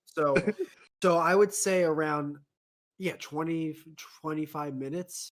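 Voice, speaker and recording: Man, thirties, podcast co-host, slightly high voice, animated casual storytelling, remote call mic. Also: measured pace. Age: 30s. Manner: animated, acts out quoted voices, frequent laughter. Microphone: home mic on a remote call.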